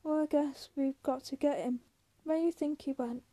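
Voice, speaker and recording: A steady grown ranch man talks in a quiet, measured way in a storybook reading, as a woman reads him. Her voice is high and gentle with a soft tone. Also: natural voice.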